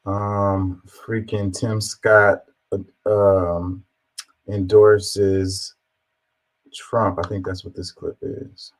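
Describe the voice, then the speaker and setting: A man's voice: lowish voice, flat delivery, very slow, poor audio. A man giving casual, amused reaction commentary on video clips, with a laid-back delivery and lots of fillers.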